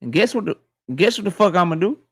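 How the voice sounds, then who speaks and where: A man hosting a boxing livestream, ranting in a profane, animated, casual way straight to his chat. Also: high voice, fast talker, husky. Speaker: boxing YouTube host.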